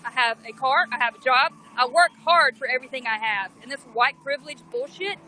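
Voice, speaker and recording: A woman's voice: high-pitched, fairly quick, bright, forceful tone, slight background noise, rough recording. A woman with a Southern US accent, livestreaming on her phone, talking bluntly and indignantly in a defiant rant. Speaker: livestreamer at a protest.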